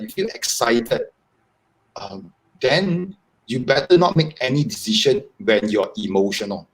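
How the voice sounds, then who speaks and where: A man, a guest on a live video-call interview, explaining at length in an animated, repetitive way. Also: medium pitch, poor audio. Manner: animated, repetitive, talks in long explanatory runs. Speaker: guest author.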